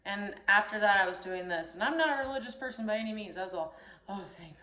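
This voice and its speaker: Animated young woman telling a story. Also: mid-range voice, quick pace. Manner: animated, acts out voices in her story. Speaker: storyteller host. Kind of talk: casual chat, telling a story. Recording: echoey room.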